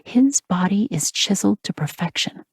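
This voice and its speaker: Woman narrator, romance audiobook, husky half-whispered delivery, deep voice, dead-dry close mic. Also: animated, moderate pace, no echo. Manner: breathy, half-whispered intimate reading.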